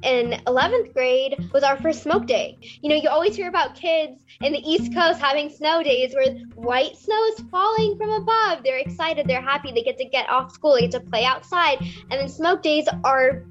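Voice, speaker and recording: A woman's voice: high voice, normal speed, hardly any pauses. A nineteen-year-old woman from California earnestly tells a personal story as a young climate volunteer. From California, USA. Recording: muffled recording with music underneath.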